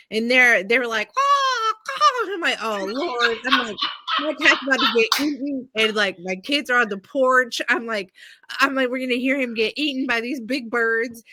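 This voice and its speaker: A woman with a Southern accent tells a rambling, animated story on a video call. Her voice is bright and sits a little high. The sound is dry and close. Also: dry recording. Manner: animated, many "like"s and "I'm like", acts out voices in quotes. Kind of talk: casual storytelling chat.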